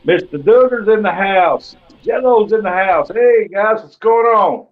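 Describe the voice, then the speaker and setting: A man's voice: high voice, unhurried, narrow, tinny audio. An older man, greeting viewers by name in a casual live stream. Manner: folksy, laid-back, greets viewers by name.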